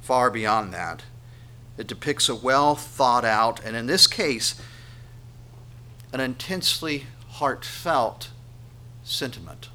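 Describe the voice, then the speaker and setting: A man preaching a sermon, swinging between loud emphatic lines and hushed ones. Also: medium pitch, expressive, slow, long pauses. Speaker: pastor.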